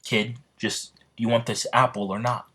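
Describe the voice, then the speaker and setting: A man voicing a gruff, impatient market fruit seller in a spoken fan story, brusque and dismissive. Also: mid-range voice, flat delivery, normal speed, sharp tone.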